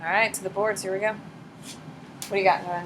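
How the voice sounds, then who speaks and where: A woman teaching a high school psychology class, blunt and lively, acting out examples in quoted voices. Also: moderate pace, noisy background. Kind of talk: classroom lecture.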